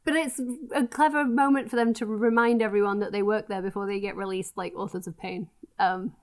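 A woman's voice: medium pitch, fairly even intonation, fairly quick. A woman co-hosting a podcast, chatting casually about wrestling with a sarcastic, ranting manner and frequent laughs. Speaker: podcast co-host.

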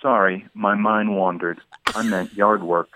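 A middle-aged man, a guest poet, chatting and reading his humorous poems aloud in a dry, deadpan way. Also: on the low side, measured pace, slight background noise. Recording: tinny phone-like line.

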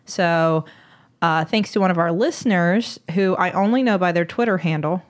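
Woman doctor co-host, low-voiced, relaxed and teasing. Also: moderate pace. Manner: hesitant, explanatory, teasing. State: recovering voice after illness. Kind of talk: casual chat.

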